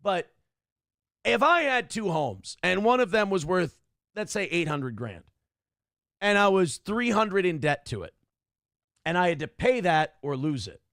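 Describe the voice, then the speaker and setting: Brief: middle-aged male streamer, blunt and profane, slightly high gravelly voice. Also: big pitch swings, unhurried, pauses often, fairly bright tone, no echo, clean studio sound. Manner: blunt, ranting, swears freely. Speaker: streamer host reading chat. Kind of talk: casual livestream commentary.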